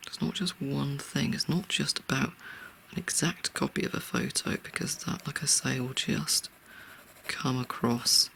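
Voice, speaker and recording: An art tutor talking through a real-time drawing tutorial in a soft, often half-whispered, reassuring way. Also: medium pitch, unhurried, creaky, a little hiss or hum.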